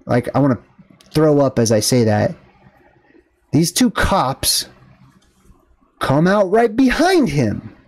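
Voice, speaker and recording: Guy ranting on his vlog, kinda high voice, rambly and fired up, lots of ums and okays. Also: big pitch swings, slow, pauses often. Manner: indignant, rambling, full of fillers and asides. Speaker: vlogger. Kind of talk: casual ranting storytelling.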